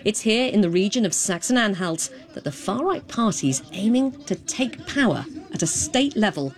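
A woman news reporter giving a scripted report with a clear, measured delivery. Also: medium pitch, expressive.

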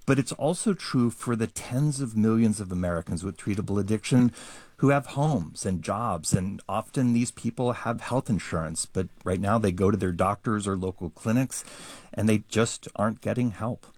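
Deep-voiced male news reporter. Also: moderate pace, no echo. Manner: explanatory, steady. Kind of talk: radio news interview.

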